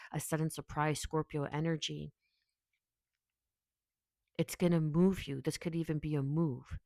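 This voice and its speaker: A woman's voice: low voice, a little mellow, no room sound. Woman tarot reader, chatty, rambling, talks to the viewer, dry close sound. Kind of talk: casual tarot reading to camera.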